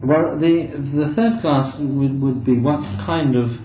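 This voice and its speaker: A man speaking as a labour organization official, explaining in a measured way and listing points with fillers. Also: a little high, mellow. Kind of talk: conversational explanation. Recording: tinny, echoey, with faint hiss.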